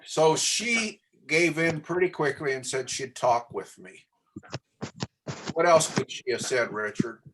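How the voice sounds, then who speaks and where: A man's voice: a little high, expressive, a little slow, background noise. A man teaching a real estate class, coaching in a plain way and often asking the class questions. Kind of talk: training class talk.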